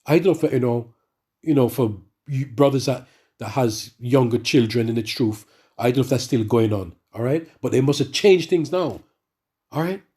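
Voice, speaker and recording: A middle-aged man ranting in a monologue and reading scripture to the brethren, animated and repetitive, often stumbling over restarts. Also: mid-range voice, normal speed, husky. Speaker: religious speaker addressing the brethren.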